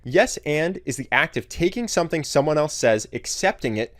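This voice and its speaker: A man giving scripted narration in a clear, explanatory way. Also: fairly high pitch, expressive, normal speed, no echo, studio quality.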